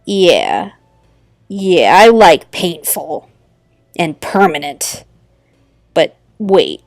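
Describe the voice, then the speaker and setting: A woman voicing a violent, greedy young female troll mercenary who talks slowly with a sneer. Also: on the low side, big pitch swings, gravelly, no echo, studio quality, faint music behind, voice pushed down, full character voice. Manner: slow, sneering and menacing.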